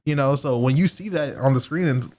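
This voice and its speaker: A man's voice: medium pitch, brisk, a little mellow. A young man co-hosting a podcast in casual chat, rambling with lots of fillers and frequent laughs. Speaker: podcast co-host.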